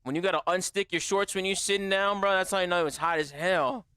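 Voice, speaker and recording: A young man chatting casually with his stream viewers, animated and profane, full of slang. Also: high voice, fairly quick, clear, resonant tone, dry recording. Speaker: gaming livestreamer.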